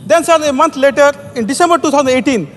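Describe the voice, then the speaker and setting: Formal man with Indian accent, high-pitched. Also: quick pace, fairly bright tone, a little hiss or hum. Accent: Indian English. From Odisha, India. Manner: formal, peppers every phrase with "sir". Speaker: member of parliament. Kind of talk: parliamentary speech. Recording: long reverb of a large chamber.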